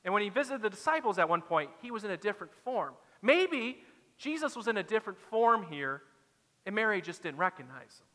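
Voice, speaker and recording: A man's voice: high voice, very animated, brisk, bright, forceful tone, long reverb tail. A man preaching a sermon as a pastor, dramatic and acting out the quoted lines.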